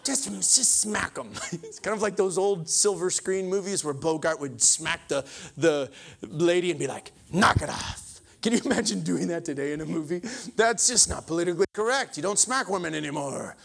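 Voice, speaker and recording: A male preacher giving a sermon, animated and joking, with sudden emphatic exclamations. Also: high voice, normal speed, vocal fry.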